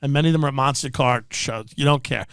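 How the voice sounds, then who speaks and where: A man's voice: medium pitch, fast talker, a bit bright, clean tone, no room sound. A man hosting a podcast, delivering a sarcastic, profane comedic rant. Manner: sarcastic, profane, impersonates people mid-rant. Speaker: podcast host.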